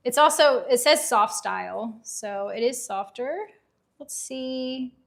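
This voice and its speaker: A woman's voice: a little high, takes it slowly, vocal fry. Chatty Southern woman on a livestream. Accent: light Southern US. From Tennessee, USA. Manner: chatty, upbeat, laughs easily, reads viewer comments aloud. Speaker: livestream host. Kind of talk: casual livestream chat.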